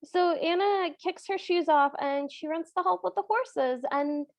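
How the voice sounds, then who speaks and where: A woman's voice: very high voice, measured pace, dry recording. A woman co-hosting a podcast, casually summarizing a film's plot in a chatty way, often saying "like". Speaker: podcast co-host. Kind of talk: casual chat recapping a film.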